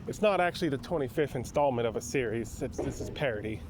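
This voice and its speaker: A man's voice: mid-range voice, lively intonation, fast, background noise. A man giving a casual, rambling movie review full of restarts and asides.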